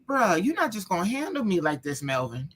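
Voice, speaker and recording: A woman's voice: fairly low pitch, brisk, husky. A woman, an author guest, telling family stories in casual chat and acting out the quotes. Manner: animated storyteller, acts out quotes.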